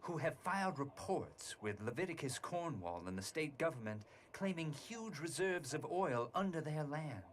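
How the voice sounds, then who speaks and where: A man playing an earnest, desperate gentleman in a game cutscene, speaking formally and precisely. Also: fairly high pitch, animated, normal speed, hardly any pauses, a little hiss or hum, natural voice.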